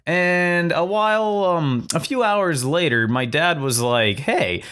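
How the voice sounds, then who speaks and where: A young man from Virginia telling a profane, self-mocking storytime, switching into animated voices for the people in it. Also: on the high side, slow pace, clear, resonant tone. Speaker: storytelling vlogger. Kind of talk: casual storytime monologue.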